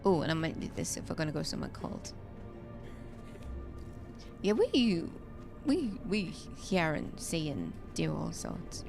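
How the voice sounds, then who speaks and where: A woman's voice: deep voice, wildly swooping pitch, unhurried, creaky, pauses often. A woman streaming a survival game, telling shop stories in chatty casual talk full of fillers and restarts. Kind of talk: casual chat while gaming. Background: game music.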